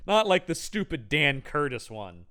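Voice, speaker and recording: Podcast cohost guy, super lively swoopy pitch, bright edgy voice, joking around. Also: normal speed. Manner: playful, jumps into jokey character voices. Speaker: podcast co-host. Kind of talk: casual chat.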